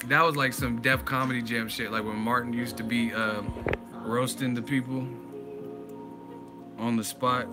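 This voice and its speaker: A man hosting a live-stream boxing chat, talking casually and excitedly, laughing often and swearing freely. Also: medium pitch, unhurried, long pauses, over music. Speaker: boxing channel host.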